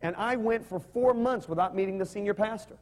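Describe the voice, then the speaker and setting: A man's voice: sits high, fairly quick, a little mellow. A man preaching a sermon, telling stories animatedly and having the congregation repeat his words. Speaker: pastor.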